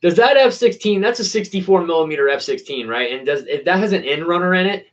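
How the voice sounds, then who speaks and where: A man's voice: sits high, expressive, quick pace. Laid-back man, distant dull recording. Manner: laid-back slangy talk, "bro" and "man". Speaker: RC plane hobbyist host. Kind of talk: casual chat, replying to viewers.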